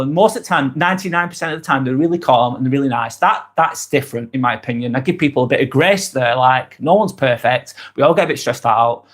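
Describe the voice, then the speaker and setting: A man's voice: medium pitch, quick pace, hardly any pauses. A man hosting a motivational livestream in casual talk, rambling and repeating words and phrases for emphasis.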